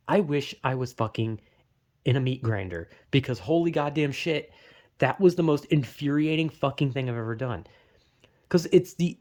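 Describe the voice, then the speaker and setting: A man vlogging a heated, profanity-filled rant about a video game, with sudden loud outbursts and a headache. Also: on the high side. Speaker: gaming vlogger. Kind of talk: ranting vlog monologue.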